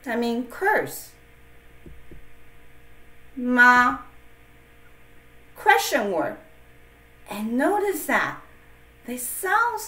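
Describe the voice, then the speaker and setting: A woman's voice: a little high, a bit bright. A woman teaching a lesson, drawing words out and repeating them for learners. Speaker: Mandarin teacher. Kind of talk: slow classroom lesson. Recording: echoey room.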